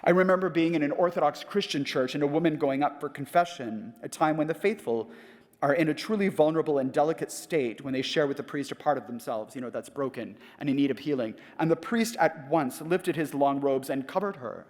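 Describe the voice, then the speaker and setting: A middle-aged man giving a prepared conference lecture, measured and reflective, asking rhetorical questions. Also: fairly high pitch, a little mellow. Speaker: conference speaker. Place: large conference hall. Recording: reverberant hall.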